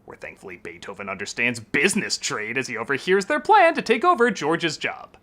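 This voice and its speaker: A man's voice: fairly high pitch, big pitch swings, brisk, pushed and bright. A man reviewing a film in a comedic, sarcastic style, with jokey asides. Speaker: film critic. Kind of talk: comedic movie review narration.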